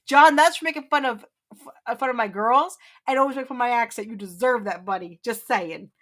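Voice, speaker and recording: A woman hosts a casual livestream in a slightly high voice. She rambles through her points with restarts and teases her viewers in a playful way. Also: fairly quick, fairly bright tone. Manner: playful, teasing, laughs often. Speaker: livestream host.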